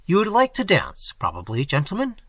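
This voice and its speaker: A man's voice: a little high, wildly swooping pitch, brisk, fairly bright tone, husky, no echo, pitched above the performer's own voice, exaggerated voice. A man doing a prim, fawning ballroom master. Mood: polite, prying. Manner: fawning, polite, prying. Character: prim fussy male master of ceremonies.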